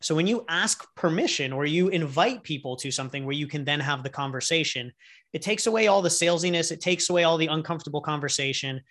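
Animated man telling business stories. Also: fairly high pitch, quick pace. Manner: animated storyteller who acts out little scenes. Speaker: guest entrepreneur and business coach. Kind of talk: casual interview talk.

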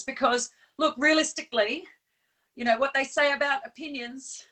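A woman co-hosting a casual live chat in a chatty, animated way, with frequent fillers and laughs. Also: sits high, moderate pace, poor audio. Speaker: co-host.

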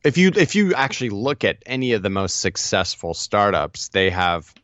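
Man, low-pitched, lively interview guest on a dull, dry line. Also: dry recording. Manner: energetic storyteller, quick asides and restarts. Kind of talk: casual interview chat.

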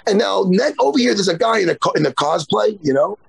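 A man's voice: sits high, lively intonation, fast talker, vocal fry, slightly rough, dry recording. A man in his forties, a jiu-jitsu instructor, telling a story in casual podcast chat and swearing freely. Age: 40s.

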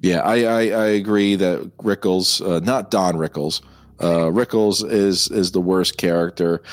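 An American man co-hosting a casual film discussion, animated, with frequent hesitant restarts. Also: low-pitched, unhurried, no room sound. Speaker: co-host.

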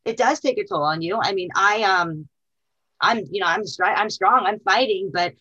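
A woman's voice: mid-range voice, normal speed, sharp tone. Middle-aged woman guest, chatty and emotional, restarts a lot, kinda dull lo-fi audio. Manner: emotional, frequent fillers and restarts. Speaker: interview guest. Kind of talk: candid conversational interview.

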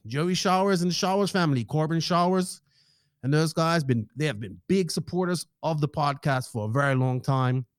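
An excitable man hosting a podcast, his voice bouncing all over its range at a fairly high pitch. He jokes and swears freely in casual chat. The sound is dry and close, with no room around it. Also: normal speed, clean tone, dry recording. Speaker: podcast host. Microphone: podcast microphone, remote call.

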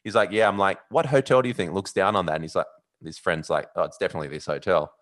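An Australian man with a very low voice tells a long story in casual chat. He rambles, fills gaps with ums, and gets animated as the story builds. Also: fast talker. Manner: animated, rambling, with fillers and loud yelled bits. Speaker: podcast host.

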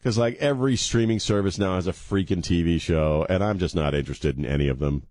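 A man's voice: deep voice, fast talker, darkish tone, no echo, studio quality. A male talk radio host bantering on air, ranting in mock outrage and joking. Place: radio studio. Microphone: studio microphone.

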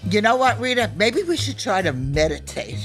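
A woman's voice: medium pitch, big pitch swings, moderate pace, soft background music. An older woman co-hosting a podcast, chatting casually with dry, matter-of-fact quips. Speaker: podcast co-host. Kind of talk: casual chat.

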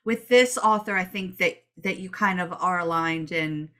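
Chatty woman cohost telling stories, bright tone, middle-aged. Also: fairly low pitch, moderate pace. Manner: chatty, animated storyteller. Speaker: podcast co-host. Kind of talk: casual chat.

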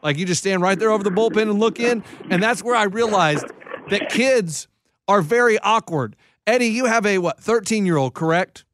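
A man with a notably high voice tells a story with animated energy, tripping over his words and starting again. He is co-hosting a casual chat show, and a faint hiss sits under his voice. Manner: animated storytelling with quick restarts. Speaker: podcast co-host.

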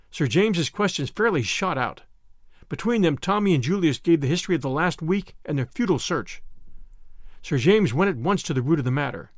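A man narrating a novel as an audiobook reader, steady and even-toned. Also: a little high, brisk, no echo, studio quality.

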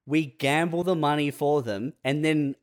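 A man co-hosting a comedy podcast, talking quickly and joking about money schemes. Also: fairly high pitch. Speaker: podcast co-host. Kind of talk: casual comedic chat.

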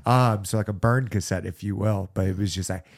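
A man hosting a casual chat who tells a story in an excitable way, full of swearing. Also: on the low side, a little fast.

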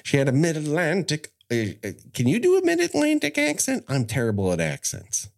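A man's voice: a little high, wildly swooping pitch, a little fast, creaky. A middle-aged man hosting a podcast, chatting casually and explaining things at length with frequent restarts. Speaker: podcast host. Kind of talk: casual chat.

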